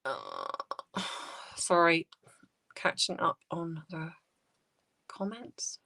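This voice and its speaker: A woman hosting a casual livestream, reading out viewer comments and answering in a soft, hesitant, sympathetic way with many restarts. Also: low voice, wildly swooping pitch, extremely slow, creaky. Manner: sympathetic, tender replies to viewers.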